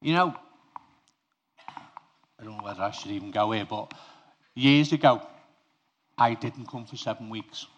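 A man's voice: on the low side, moderate pace, pauses often. A man preaching an informal sermon to his congregation. He talks conversationally, speaks to them directly and tells personal stories.

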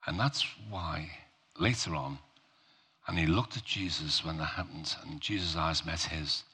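A male preacher giving a sermon, talking slowly and emphatically in a conversational way, with rhetorical questions to the congregation. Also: very deep voice, pushed and bright, slightly rough.

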